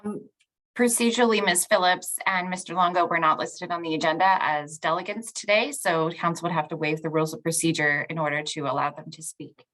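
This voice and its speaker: A woman clerk advising a town council on its rules, her voice notably low. She speaks plainly and to the point. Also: fairly even intonation, fairly quick, fairly bright tone, poor audio. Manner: matter-of-fact, procedural. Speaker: municipal clerk. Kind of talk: procedural advice.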